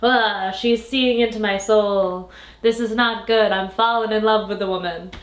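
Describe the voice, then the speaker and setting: A woman's voice: mid-range voice, steady tone, unhurried, close to an everyday voice. A woman voicing a smitten male mafia boss in a melodramatic, exasperated way while retelling a book. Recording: roomy echo.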